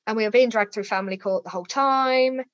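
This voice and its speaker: A woman's voice: a little high, fast talker, a little hiss or hum. A woman, a guest telling her personal story in an interview and acting out the voices of people she quotes. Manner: lively, acts out quoted dialogue with raised voice. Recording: slightly dull, dry lo-fi sound.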